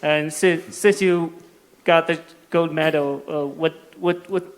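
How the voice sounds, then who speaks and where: A male reporter asking a question in a halting way, full of fillers and restarts. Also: fairly high pitch, fairly even intonation.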